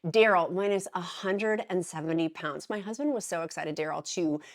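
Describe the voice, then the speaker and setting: A middle-aged woman vlogger talking casually to camera, chatty and giggly, warm and encouraging as she reads out names. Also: lowish voice, moderate pace.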